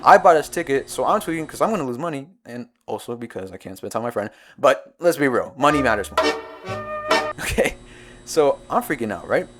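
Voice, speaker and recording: A young man narrating a storytime video in an excitable, jumpy way, full of quick asides. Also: medium pitch, over loud music. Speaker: storytime YouTuber.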